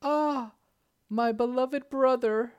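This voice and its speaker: A young princess cries out in high, strained anguish. Her voice sits far above his own, loud and pained. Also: steady tone, takes it slowly, clear, resonant tone, highs cut off. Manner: high-pitched anguished crying out.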